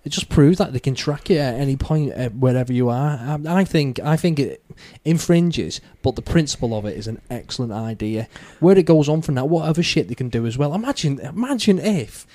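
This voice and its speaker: A man's voice: medium pitch, expressive, fairly quick, hardly any pauses, mellow, no echo. A man hosting a podcast, rambling through his opinions with lots of swearing. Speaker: podcast host. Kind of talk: casual podcast chat.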